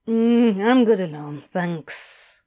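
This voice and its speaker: A woman's voice: medium pitch, lively intonation, unhurried, darkish tone, lightly acted. A woman doing a drawling, sardonic loner. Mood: dry. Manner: drawling, curt and dry. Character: sardonic, aloof young-ish man.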